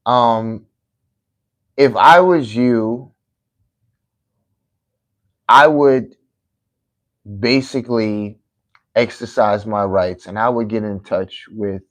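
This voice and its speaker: A man with a New York accent talking casually on a livestream, preachy and heated, going from low murmurs to loud rants. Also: extremely slow, pauses often. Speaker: livestream host. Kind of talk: casual livestream monologue reading chat.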